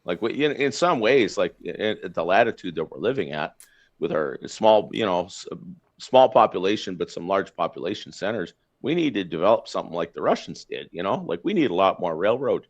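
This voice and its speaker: A man's voice: low-pitched, very animated, fairly quick. A Canadian man hosting a podcast, ranting bluntly in casual political chat with lots of fillers and restarts. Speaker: podcast host. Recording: slightly dull lo-fi sound.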